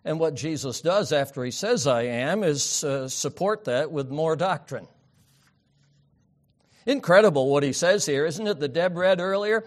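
A man preaching a sermon, swinging from loud emphatic peaks down to soft, quiet asides. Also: a little high, animated, unhurried. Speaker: pastor.

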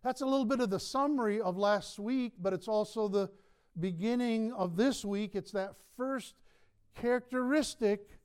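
A male pastor preaching a sermon in a church, emphatic, with slow stressed words and light chuckles. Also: high voice, a little mellow, clear, resonant tone. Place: church sanctuary.

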